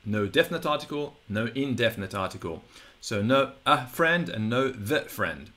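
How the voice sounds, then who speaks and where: A man who speaks English natively, teaching in a patient, digressive style and slowly drawing out example words. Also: mid-range voice, lively intonation, bright, forceful tone. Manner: patient, digressive explaining with slow drawn-out model words. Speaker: Latin teacher. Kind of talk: explanatory audio lesson.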